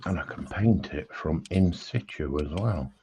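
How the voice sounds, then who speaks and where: Slow, deep-voiced British man musing. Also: animated, heavy background noise. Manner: laid-back, jokey, slow and musing. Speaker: streamer building a model. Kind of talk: casual chat while working.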